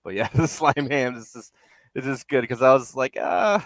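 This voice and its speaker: At his home workspace, a man hosts a live puppet-building stream, chatting casually as he builds. His medium-pitched voice is steady and at a normal speed, with no echo, and he rambles, repeats himself, and chuckles.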